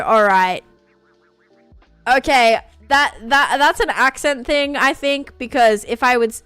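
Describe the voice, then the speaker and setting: A woman's voice: on the high side, measured pace, a bit bright, clean tone, no echo, faint music behind. A woman streaming live and chatting casually with viewers, talking in a loose, chatty way with many fillers and restarts and a non-American English accent.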